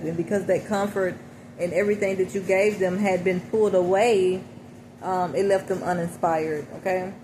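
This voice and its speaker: A woman with a fairly low, darkish voice gives a casual, reflective reading of song lyrics, interpreting them for her listeners. "Okay?" and "you know" come up again and again. The audio quality is poor, and background noise is noticeable.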